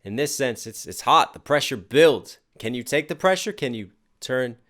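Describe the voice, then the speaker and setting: Young dude rapper reacting to a song, hyped, unpacks every bar, medium voice. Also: male voice, medium pitch, expressive, moderate pace, fairly bright tone. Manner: enthusiastic, breaks down lyrics line by line. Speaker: rapper reacting to a music track. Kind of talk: casual reaction commentary.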